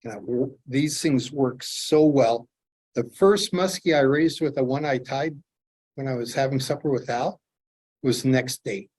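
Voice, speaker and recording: A middle-aged man from Canada telling lively fishing stories while demonstrating fly tying to a club audience. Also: mid-range voice, unhurried. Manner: animated storyteller, acts out his own excitement. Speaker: fly tier, presenter.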